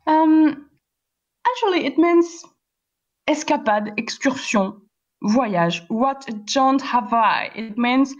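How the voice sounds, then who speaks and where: A woman's voice: fairly high pitch, animated, gravelly. Woman teaching over voice call. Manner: patient, questioning, spells words out slowly. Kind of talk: online class explaining a play. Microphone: computer voice call. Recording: lo-fi voice-call audio.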